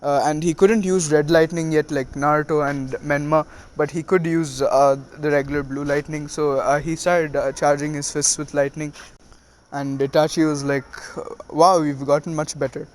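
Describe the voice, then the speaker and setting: A man casually retelling a fan story. His fairly high voice halts often on fillers as he goes. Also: level tone, clean tone. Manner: halting, many fillers.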